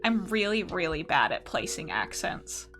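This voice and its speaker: A woman's voice: fairly low pitch, big pitch swings, normal speed, music in the background. A young woman from the United States chatting casually and profanely while answering chat on an art stream.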